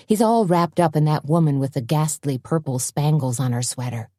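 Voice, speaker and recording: A woman voicing a calm, level-headed café owner in an audiobook, speaking evenly and dryly. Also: sits low, no room sound, close to an everyday voice. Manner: even, dry and measured.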